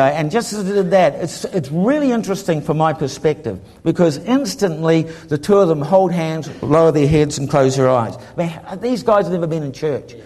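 A man preaching, telling a humorous story and acting out the people in it in a lively way. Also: a little high, normal speed, hardly any pauses. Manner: lively, humorous, acts out the people in his stories. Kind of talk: sermon storytelling.

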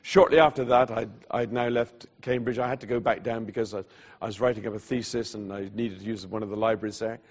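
A man preaching, telling a personal story in an animated way and voicing the people in it, then going hushed at solemn moments. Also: on the low side, quick pace, husky. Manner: animated storyteller who voices the people in his tale; drops to a hushed, quiet delivery at solemn moments. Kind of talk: storytelling sermon.

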